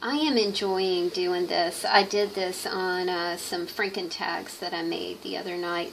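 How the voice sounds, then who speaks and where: Middle-aged woman craft vlogger, bright gravelly voice, rambling and hesitant. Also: on the low side, steady tone, slight background noise, rough recording. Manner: rambling, hesitant, many pauses and fillers. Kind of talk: casual chat while crafting.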